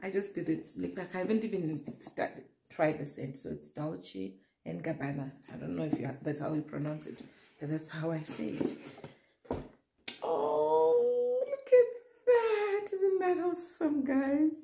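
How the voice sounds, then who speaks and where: A woman's voice: deep voice, steady tone, normal speed, gravelly, dark tone. A young woman vlogging an unboxing in a casual, gushing way, talking straight to her viewers. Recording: echoey room with faint noise.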